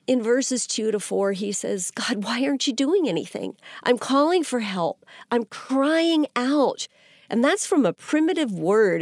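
A woman teaches the Bible on a podcast in an earnest, steady voice at a middling pitch. She lifts her voice when she voices a prophet's desperate questions. The sound is close and dry, with no room around it. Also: dry recording.

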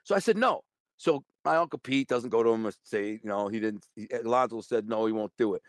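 A man's voice: on the low side, brisk, no room sound, studio quality. A man telling a blunt, streetwise story as an interview guest. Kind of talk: casual storytelling.

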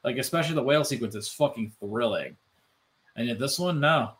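A man co-hosting a casual podcast chat, animated and loose, full of "like" fillers and swearing. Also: mid-range voice, a little fast. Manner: animated, swearing, many "like" fillers, mimics voices. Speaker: podcast co-host.

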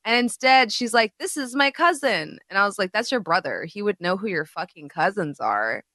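A woman co-hosting a podcast who talks in a candid, profane and animated way, acting out scenes as she goes. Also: medium pitch, a little fast, dry recording, clean studio sound. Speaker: podcast co-host. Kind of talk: casual chat.

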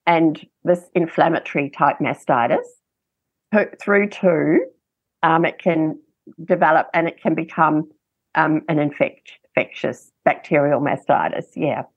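A woman talks in an easy, chatty way, mixing practical tips with anecdotes. Her voice sits low and a little breathy. The recording is dry and dull, with a lo-fi sound. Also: no echo. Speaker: breastfeeding expert guest. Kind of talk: casual interview chat.

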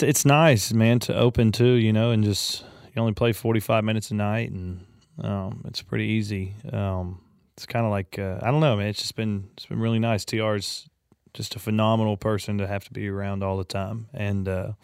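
A man with a lowish, fairly flat voice talks easily as a podcast guest, unhurried and meandering. His tone is smooth and resonant, and the close mic leaves it dry and intimate. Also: no echo. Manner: laid-back, rambling, says "man" a lot. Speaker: touring singer-songwriter guest. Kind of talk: casual interview chat.

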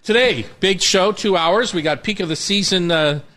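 A man's voice: sits high, normal speed, sharp tone. Upbeat rambling man hosting radio. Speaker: radio show host and chef. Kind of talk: casual radio chat. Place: radio kitchen studio in a hotel.

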